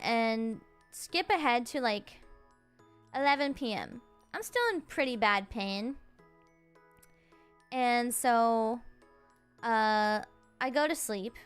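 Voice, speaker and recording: Chatty woman around thirty, smooth voice. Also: a little high, a bit bright. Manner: chatty, heavy on "like" fillers, halting restarts. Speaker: streamer. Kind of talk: casual storytelling.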